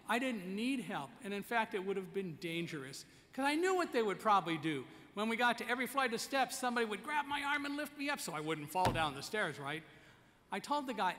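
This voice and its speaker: A man's voice: high-pitched, sing-song, fairly quick, sharp tone. A man giving a keynote speech at a conference, telling a story vividly and speaking directly to the audience. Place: conference hall. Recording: echoey conference hall.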